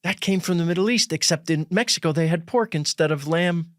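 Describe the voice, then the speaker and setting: A man's voice: on the high side, a little fast, a bit bright, dry recording, clean studio sound. A man in his sixties, an enthusiastic guest talking emphatically in a casual chat.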